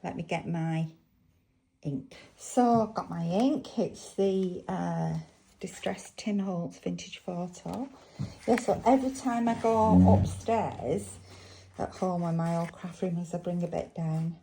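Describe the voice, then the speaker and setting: A woman's voice: fairly low pitch, takes it slowly, vocal fry, dark tone, slight background noise, rough recording. A woman with a Lancashire accent chatting casually at her craft table, thinking aloud and asking viewers questions as she works. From England. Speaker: crafting vlogger. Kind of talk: casual chat while crafting.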